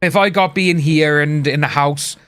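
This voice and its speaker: A man's voice: on the high side, normal speed, fairly bright tone, smooth. A man chatting casually on a live stream, rambling and replying to his chat. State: hiccups. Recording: faint music behind.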